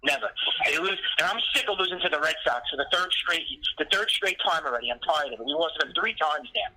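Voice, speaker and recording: Bright, fast-ranting man on a phone line. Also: fairly high pitch, background noise. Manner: ranting, repetitive, venting loudly. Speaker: podcast co-host. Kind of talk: heated sports talk.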